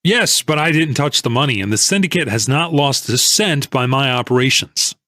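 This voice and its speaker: A man reading an audiobook voices a composed male stock speculator who answers calmly and politely. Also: mid-range voice, dry recording, studio quality. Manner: calm, polite, measured.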